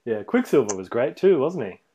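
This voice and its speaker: Casual male podcast co-host, mid-pitched, rambling and laughing through movie talk. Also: sing-song, fairly quick, warm tone, breathy edge. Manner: rambling, many fillers, laughs often.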